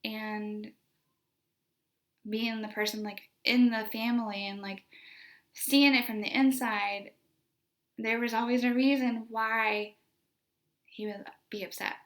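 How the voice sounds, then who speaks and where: A woman's voice: on the high side, steady tone, takes it slowly, long pauses. A young woman, a special education teacher, telling a story from her classroom in a casual, conversational way, full of "like" and "you know".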